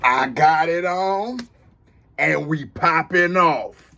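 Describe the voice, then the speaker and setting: A man hosting a casual reaction video, talking in an animated, joking and playful way. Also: a little high, takes it slowly, vocal fry, faint music behind. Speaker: host reacting to a music video.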